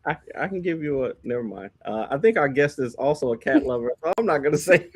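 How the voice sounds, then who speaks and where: A man's voice: medium pitch, animated, fast talker, hardly any pauses, husky, dry recording. A man co-hosting a comics podcast, tired and easygoing, laughing and teasing his partner. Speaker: podcast co-host. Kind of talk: casual podcast chat.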